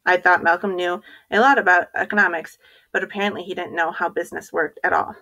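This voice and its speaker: A teacher reading a children's chapter book aloud to her class with expressive storytelling. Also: fairly low pitch, fast talker, rough recording.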